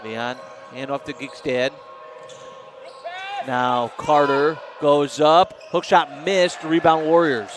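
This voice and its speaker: A man calling live basketball play-by-play, quick and excitable, rising on big plays. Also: a little high. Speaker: play-by-play announcer. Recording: noisy gym broadcast.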